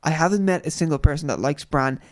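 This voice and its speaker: A man co-hosting a casual podcast chat, animated and joking, swearing freely. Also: fairly high pitch. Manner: animated, swearing, quick to joke and mimic. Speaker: podcast co-host.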